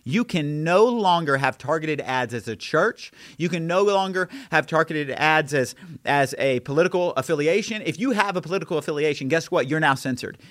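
A man preaching a fiery sermon in a somewhat high voice, hammering home each point with repetition. The sound is close and dry, with no room around it. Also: animated, normal speed, a bit bright, dry recording. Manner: preaching with rising intensity and repeated challenges. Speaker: pastor. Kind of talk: impassioned sermon.

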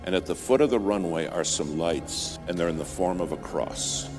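Low-voiced preacher over music. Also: male voice, normal speed. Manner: dramatic, rises to loud emphatic peaks then drops to near whispers. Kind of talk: sermon storytelling. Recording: music bed under the voice.

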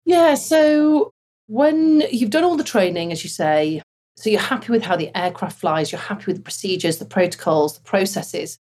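A woman with a slightly breathy voice talks through her years as a fighter pilot. She tells it casually and animatedly, with bursts of laughter. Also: medium pitch, normal speed. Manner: animated, laughs while telling stories. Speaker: former fighter pilot guest. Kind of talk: casual interview storytelling.

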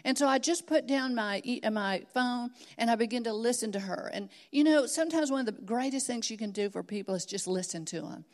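A woman's voice: fairly high pitch, fairly quick, hardly any pauses, a little mellow. A middle-aged woman preaching a sermon, telling stories earnestly and building to emphatic exhortation.

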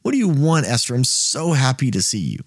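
A man's voice: medium pitch, sing-song, brisk, husky, dry recording, studio quality. A man voicing an ancient king who gushes with overeager, lovestruck delight. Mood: giddy gushing. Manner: gushing, overeager.

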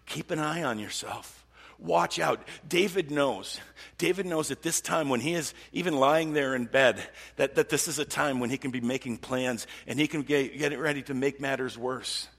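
Gravelly husky preacher in a reverberant hall. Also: male voice, mid-range voice, moderate pace. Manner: earnest, repetitive, stumbling restarts, drops to soft voice. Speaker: pastor. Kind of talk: sermon.

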